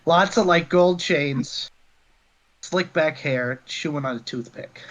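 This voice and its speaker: A man's voice: a little high, slow, a bit bright, slight background noise, rough recording. A man playing a tabletop game and chatting casually, with "like" fillers. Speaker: player.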